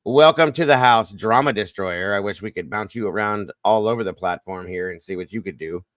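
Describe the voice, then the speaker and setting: Low-voiced guy hosting a stream, fast friendly shout-outs, dry close mic. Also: dry recording. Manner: fast, folksy greetings with Southern-style phrasing. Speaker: livestream host. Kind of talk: casual livestream shout-outs.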